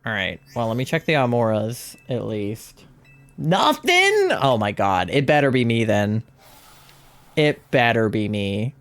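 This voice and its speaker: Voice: mid-range voice, unhurried. A live game streamer chatting casually with viewers while playing, swearing freely and talking straight to chat.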